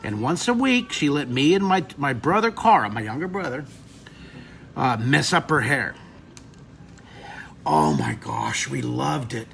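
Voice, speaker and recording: A man's voice: mid-range voice, sing-song, moderate pace, vocal fry, a bit bright, slight background noise. A man in his fifties teaching drawing on a live webcast, rambling into emotional stories between drawing steps. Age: 50s.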